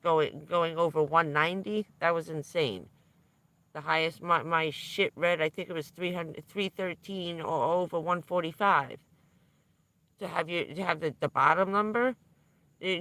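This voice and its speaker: A woman's voice: lowish voice, fairly even intonation, normal speed, fairly bright tone, no echo. A middle-aged woman telling a candid, profane story on a livestream, laughing now and then through hard news. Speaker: vlogger.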